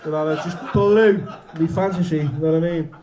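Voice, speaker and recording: A man's voice: a little high, fairly even intonation, a little fast, mellow. A man telling candid stories and reading his own book aloud at a bookshop event, frank and self-mocking, chatty with lots of fillers. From England.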